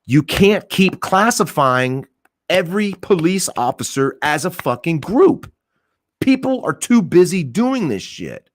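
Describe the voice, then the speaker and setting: A man's voice: a little high, sing-song, unhurried, no room sound, studio quality. A man, a police officer, giving his blunt, emphatic opinions on a podcast, swearing and repeating points for stress.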